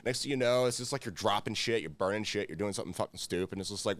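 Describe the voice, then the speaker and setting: A man's voice: lowish voice, rapid-fire, no echo. A man who works as a chef, chatting casually on a podcast, swearing freely and acting out his own kitchen rants. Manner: profane, laughing, acts out angry rants. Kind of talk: casual chat.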